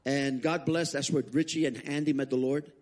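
A man preaching as a guest speaker, telling his testimony as an animated story with frequent restarts. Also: a little high, normal speed. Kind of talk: sermon testimony.

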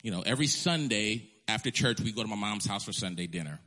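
A pastor with a lowish voice preaches a storytelling sermon at a fast pace. He is animated and emphatic, frequently restarting his phrases.

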